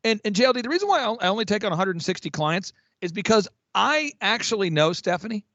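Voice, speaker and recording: Fast, high-energy male business coach. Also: dry recording, lo-fi sound. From Oklahoma. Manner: energetic, emphatic, many restarts. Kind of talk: fast promotional podcast talk.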